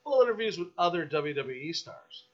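A man guesting on a podcast, telling a story in a casual, animated, profane rant. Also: fairly high pitch, fairly quick, lo-fi sound.

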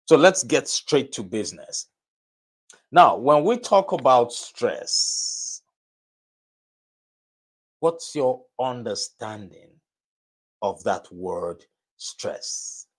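A man hosting a live broadcast and podcast, giving a motivational talk in a deliberate, repetitive way that leans on key phrases. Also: medium pitch, big pitch swings, slightly rough.

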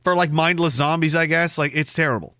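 A man hosting a podcast, ranting with sarcasm and bursting into shouting now and then. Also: on the high side, fairly quick, smooth, dry recording, clean studio sound. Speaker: podcast host. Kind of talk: ranting commentary.

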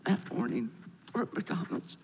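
A man's voice: unhurried, a little mellow, in a large hall, a little hiss or hum. A middle-aged pastor telling personal stories as an interview guest, emotional and hesitant, often restarting his sentences.

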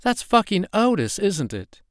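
A man's voice: medium pitch, very animated, moderate pace, no echo, clean studio sound, voice pushed up, lightly acted. A man voicing a young woman on a jungle getaway, incredulous and teasing, lightly raising his voice for her. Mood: curious.

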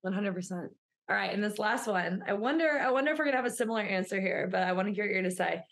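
A woman's voice: medium pitch, lively intonation, rapid-fire. Chatty young woman podcast co-host. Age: young adult. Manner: chatty, candid, self-mocking storyteller. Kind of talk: casual podcast chat.

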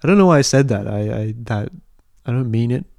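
Mellow-voiced young man, rambling. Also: mid-range voice, a little fast, vocal fry, no room sound, studio quality. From London, England. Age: 20s. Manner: rambling, hesitant, deadpan absurd humor. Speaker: podcast host. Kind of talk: casual solo podcast answering listener questions.

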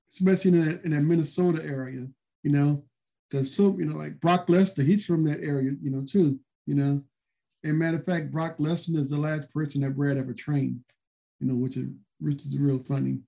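A man guest in a casual interview, telling old stories in a rambling way full of fillers. His voice is mellow and sits a bit high for a man. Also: creaky. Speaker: guest, former wrestler.

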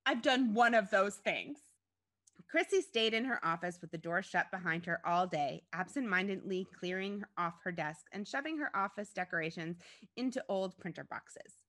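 A woman narrating an interactive story in a playful, expressive way. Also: lowish voice, moderate pace.

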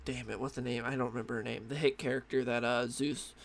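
A man's voice: medium pitch, little pitch movement, fast talker, creaky. A tired young man rambling casually through a comic book review late at night, losing his train of thought and filling gaps with "like" and "uh.". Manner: rambling, loses track, many fillers.

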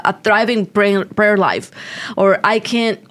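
A woman pastor with a middle-pitched voice speaks earnestly in a relaxed podcast chat. She often restarts and repeats words as she works her point through. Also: takes it slowly. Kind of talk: casual faith podcast conversation.

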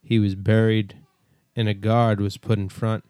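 Man, co-host, relaxed Bible study talk, lowish voice, dry close sound. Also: unhurried, clean tone, no room sound. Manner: walks through chapters and verses in an easygoing way. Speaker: podcast co-host. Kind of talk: casual Bible study podcast.

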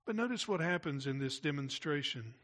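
Bright-voiced man preaching conversationally. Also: on the high side, expressive, brisk. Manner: conversational, asides to the congregation. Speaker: pastor. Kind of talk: sermon.

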